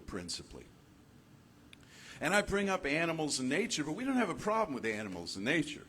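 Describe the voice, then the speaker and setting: A man giving a conversational sermon as minister, animated and playful, acting out little voices and laughing at his own jokes. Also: mid-range voice, a little fast, a little hiss or hum. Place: church hall.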